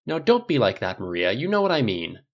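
A man reading aloud and voicing a gruff, defensive middle-aged father in an audiobook of a story. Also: mid-range voice, wildly swooping pitch, brisk, muffled recording. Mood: defensive, loud. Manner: curt, defensive, grumbling.

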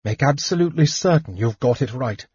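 A man voicing a young elf woman who speaks in a high, breathless, urgent way in an audiobook. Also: expressive, brisk, a little mellow, slightly rough, no room sound, dull audio. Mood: shaken. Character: young elf woman, earnest, pleading, desperate. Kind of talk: audiobook character voice.

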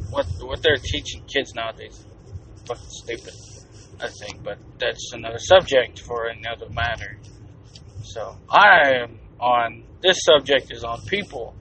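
A man's voice: medium pitch, bright, forceful tone. A man hosting his own podcast, ranting bluntly and profanely in a rambling, casual way. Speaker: podcast host. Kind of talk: casual solo podcast rant. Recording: distant, dull lo-fi mic with faint noise.

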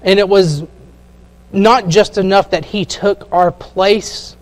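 A man with a high voice preaching a sermon. He talks conversationally, stops often to check in with the congregation, and uses plenty of fillers. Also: steady tone, slow.

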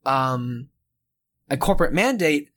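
Animated ranting male podcast host. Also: mid-range voice. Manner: animated, ranting, quick to get annoyed. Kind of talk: casual podcast chat.

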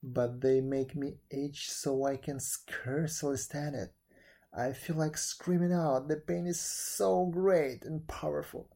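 Man doing a guilty, wailing old miser for a storybook, husky and dark, pushed a bit higher. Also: fairly even intonation, slow pace, exaggerated voice. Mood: begging. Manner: wailing, begging, anxious.

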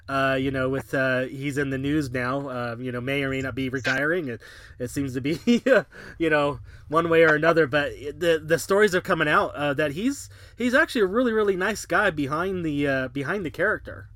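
A man's voice: a little high, normal speed, pushed and bright, no echo. A man hosting a podcast and chatting casually with his guest in an easygoing, agreeable way. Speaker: podcast host. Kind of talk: casual interview chat.

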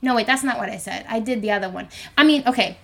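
A woman in her twenties with a high, girlish voice, rambling self-consciously through a solo podcast recorded in her bedroom. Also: fast talker, gravelly, a bit bright. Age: 20s. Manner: rambling, self-conscious, chatty with frequent fillers. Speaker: podcast host. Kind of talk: solo podcast monologue, casual chat. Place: home bedroom. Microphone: microphone.

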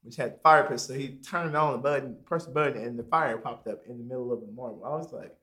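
Telling a story among friends, this bright-voiced young man talks quickly and with animation, cursing freely. His asides sink into a mumble, while quotes of himself leap into a high, squeaky register.

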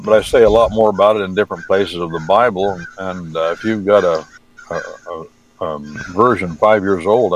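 A man's voice: lowish voice, poor audio. A man who translates the Bible, talking casually on the radio and teaching with folksy, wry asides.

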